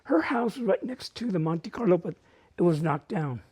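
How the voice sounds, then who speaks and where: During open-mic storytelling in a library event room, an older man laughs as he mocks his younger self in childhood anecdotes. His animated, high voice is darkish with a breathy edge and moves at a normal speed.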